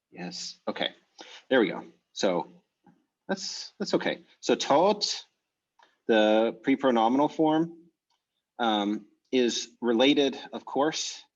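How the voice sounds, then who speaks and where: A man teaching an online language class, speaking casually and thinking aloud as he works things out. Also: lowish voice. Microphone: video call. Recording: dull, muffled video call audio.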